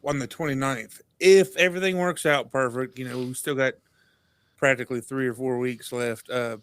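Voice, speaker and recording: A man's voice: medium pitch, normal speed, smooth, no echo. A man guesting on a podcast, chatting casually and acting out the voices in his stories. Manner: animated storyteller, acts out quotes. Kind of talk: casual chat.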